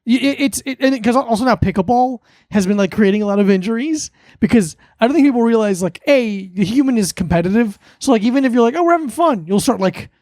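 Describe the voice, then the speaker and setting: A man's voice: high voice, quick pace, few pauses, darkish tone, no room sound, clean studio sound. A man filling in as guest on a comedy podcast, chatting loosely, swearing freely and explaining things. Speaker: guest co-host. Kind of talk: casual comedic chat.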